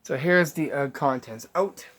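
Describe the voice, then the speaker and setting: A man explaining how a magic prank is made, step by step, pausing often with ums. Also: on the high side, a bit bright, soft background music. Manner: unhurried, halting with many ums, explaining step by step. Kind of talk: magic trick tutorial.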